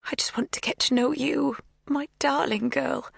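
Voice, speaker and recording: A woman voicing a desperate, tearful middle-aged mother who pleads in breathy half-whispers in an audiobook. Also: high-pitched, steady tone, normal speed, no room sound, studio quality, voice pushed up. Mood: pleading. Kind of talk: audiobook dialogue.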